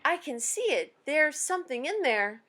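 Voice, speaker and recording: A woman's voice: sits high, moderate pace, natural voice. A woman voicing a curious, worried young girl who keeps asking questions. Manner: asks eager, anxious questions.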